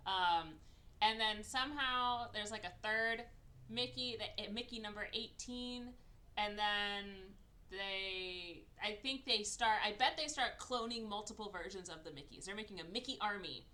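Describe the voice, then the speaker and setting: Woman guessing a plot, animated. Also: mid-range voice, measured pace. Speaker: podcast co-host. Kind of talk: casual chat.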